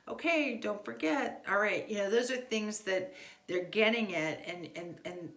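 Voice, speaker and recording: A woman's voice: medium pitch, normal speed, a bit bright, reverberant. Chatty woman giving parenting tips. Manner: conversational, frequent fillers and restarts. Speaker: homeschool teaching parent. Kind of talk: casual instructional talk.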